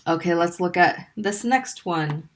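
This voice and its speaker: Woman teacher for a recorded online lesson, lowish voice, patient, stretches sounds out when modeling them. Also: lively intonation. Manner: patient, drawn-out modeling of sounds between brisk explanations. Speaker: Arabic language teacher.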